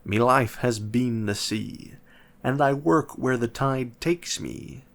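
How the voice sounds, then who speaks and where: Man voicing a grumpy pirate, gruff accent, growls, takes his time. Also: medium pitch, slow pace. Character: gruff old male pirate instructor, surly.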